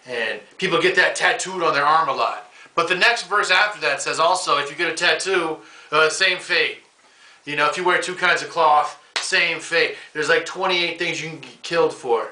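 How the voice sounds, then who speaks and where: Bright-voiced comedian dude rambling on his podcast, kinda far from the mic, roomy echo. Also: fairly high pitch, normal speed. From United States. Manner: rambling, ranting, slangy with "bro". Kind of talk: casual comedic monologue. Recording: echoey room, mic at a distance.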